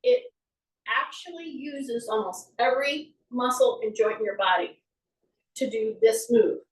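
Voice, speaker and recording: A woman's voice: fairly high pitch, unhurried, recorded from a distance. A woman fitness instructor, leading a live exercise class and talking chattily as she demonstrates the moves. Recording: echoey room, voice from off the mic.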